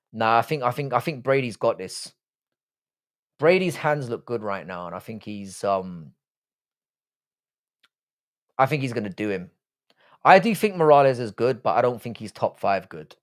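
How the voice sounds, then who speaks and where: A British man hosting a live stream, chatting casually and reading out viewer comments. He rambles and swears freely, often restarting his sentences. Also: medium pitch. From Britain. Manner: rambling, frank and profane, many restarts.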